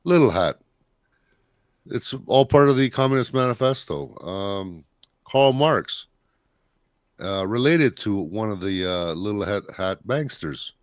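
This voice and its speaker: A man's voice: on the low side, lively intonation, measured pace, clear, resonant tone, dry recording, dull audio. A man from Canada hosting a casual talk show, blunt and rambling in his opinions. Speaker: podcast host. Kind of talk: casual chat.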